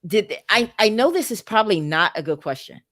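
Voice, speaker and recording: A woman's voice: mid-range voice, expressive, brisk, fairly bright tone, dry recording, studio quality. A woman hosting a talk show, asking blunt questions and teasing her guest.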